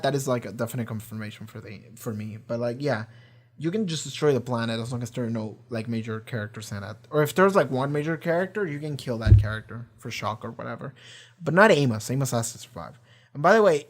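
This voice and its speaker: A man hosting a reaction channel, retelling an episode in a rambling, profane and excited way, full of fillers. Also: medium pitch. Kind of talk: casual episode recap and discussion.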